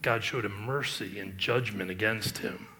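A middle-aged male pastor preaching a sermon, reading scripture aloud and commenting on it with emphatic rises and quiet asides. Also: fairly low pitch, moderate pace.

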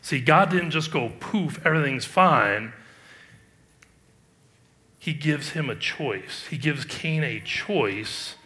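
A middle-aged male pastor preaching a sermon, reading scripture aloud and commenting on it with emphatic rises and quiet asides. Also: on the high side, lively intonation, slow, hardly any pauses.

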